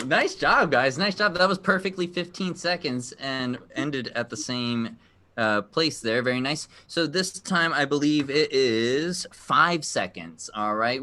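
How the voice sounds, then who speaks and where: A man's voice: mid-range voice, pushed and bright. A man hosting a live virtual game show over a video call, upbeat and encouraging as he explains the rules.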